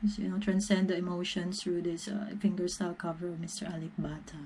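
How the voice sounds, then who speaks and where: A young woman chatting casually in a reaction vlog, soft-spoken and emotional, giggling often between filler-heavy phrases. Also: on the low side, flat delivery, quick pace, a little hiss or hum. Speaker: reaction vlogger.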